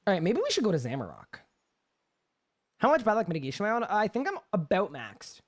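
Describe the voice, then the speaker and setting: A man's voice: high voice, huge pitch swings, fast. A young man with a Canadian accent, chatting casually on a live gaming stream and answering chat questions.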